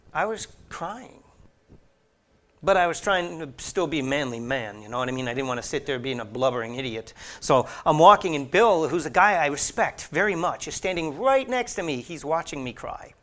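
A middle-aged man preaching a sermon in an earnest way, growing animated and louder as he goes on. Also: medium pitch.

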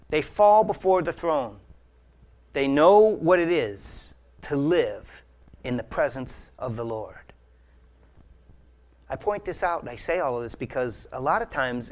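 A man preaching a sermon, animated, acting out imagined voices and swinging from hushed asides to loud emphasis. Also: on the high side. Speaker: pastor.

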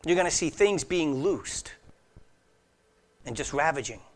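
A male pastor preaching an expository sermon in a slightly high voice. He speaks earnestly and emphatically, rising loud on key phrases and dropping to hushed asides, with a casual, conversational edge and the odd restart. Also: lively intonation, measured pace.

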